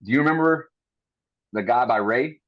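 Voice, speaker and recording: A man's voice: medium pitch, moderate pace, no room sound. A middle-aged man, a veteran guest, telling stories in a blunt, profane, chummy way. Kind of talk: casual storytelling chat. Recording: dull dry lo-fi sound.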